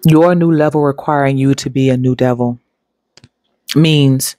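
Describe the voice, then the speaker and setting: A woman's voice: very deep voice, fairly even intonation, a little slow, dark tone, dry recording. A woman hosting a spiritual self-help channel, giving an emphatic, preachy motivational talk and speaking straight to her viewers. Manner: laughs easily between points.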